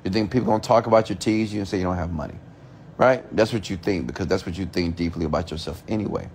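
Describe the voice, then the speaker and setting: A man's voice: sits low, fast, darkish tone, slight background noise. A man giving a motivational rant, emphatic and repetitive, asking rhetorical questions and swearing casually. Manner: emphatic, repeats himself, asks rhetorical questions. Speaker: motivational speaker.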